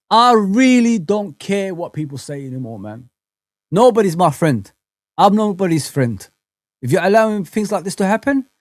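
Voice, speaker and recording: A man hosts a live football chat and lets loose a heated rant, circling back to the same points again and again. His voice sits a little high and leaps around in pitch as he works himself up. The sound is dry and close, with no room around it. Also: darkish tone, no room sound. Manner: impassioned, indignant, repeats himself. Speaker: host of a football fan channel.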